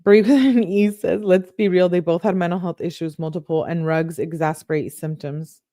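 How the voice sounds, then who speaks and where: A woman with a fairly low voice reads a string of text messages aloud, stopping often to react in her own words. The sound is close and dry, with no room behind her. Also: steady tone, dark tone, no room sound. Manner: reads quotes then breaks in with quick reactions. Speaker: online true-crime show host. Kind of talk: reading text messages aloud with live commentary.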